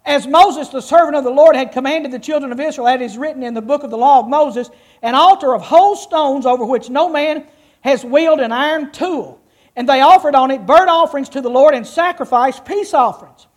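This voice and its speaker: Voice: sits high, brisk. A preacher reading scripture and teaching a congregation in a folksy, interactive way in church. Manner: folksy, teaching, with audience participation. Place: church before a live congregation.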